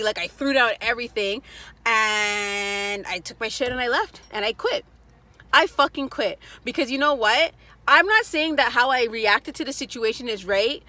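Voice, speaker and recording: A woman's voice: a little high, bright, forceful tone. A young adult woman vlogger telling a casual story, blunt and profane, acting out what other people said.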